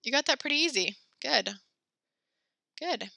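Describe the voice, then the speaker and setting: A woman's voice: high-pitched, animated, a little slow, gravelly, sharp tone, dry recording. Pregnant woman teacher, slightly breathless. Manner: patient, encouraging, mixing English and French. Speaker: French teacher. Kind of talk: online class instruction.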